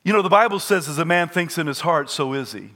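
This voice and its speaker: High-voiced older man preaching passionately. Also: quick pace. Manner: impassioned, rising to shouted peaks; repetitive and emphatic. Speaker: pastor. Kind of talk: sermon.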